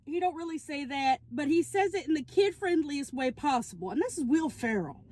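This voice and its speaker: A young woman vlogger in her parked car, recapping a movie plot in an animated, chatty way while she eats, and she keeps checking in with "okay?". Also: high-pitched, normal speed. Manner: talking while eating.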